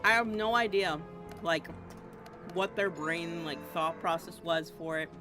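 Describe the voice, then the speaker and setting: A woman streams a video game over music, speaking unhurriedly in a lowish voice with fairly even intonation. Her chatter is casual and giggly, bouncing between topics, and she eats as she goes, murmuring "yum" and "nom."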